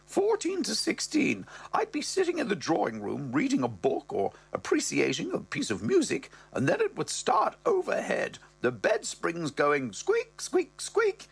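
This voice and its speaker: Guy doing a snooty old posh lady, way up high, husky squeaky falsetto. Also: wildly swooping pitch, unhurried, hardly any pauses, full character voice. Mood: haughty. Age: older. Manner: theatrical, haughty, falsetto. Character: posh, vain older woman, the narrator's mother.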